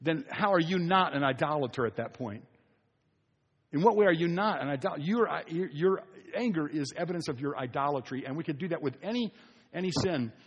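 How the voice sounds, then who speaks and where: Male pastor, casual preaching with repeated punchy phrases, a touch high-pitched. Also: expressive, fairly quick, husky, dull audio. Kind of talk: sermon. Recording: long hall reverb.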